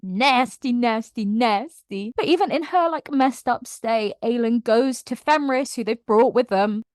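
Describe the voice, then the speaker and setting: Woman book vlogger, bright higher voice, dry room, animated fan recap. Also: moderate pace, no echo. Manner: emotional, gushing and animated retelling. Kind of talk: casual plot recap.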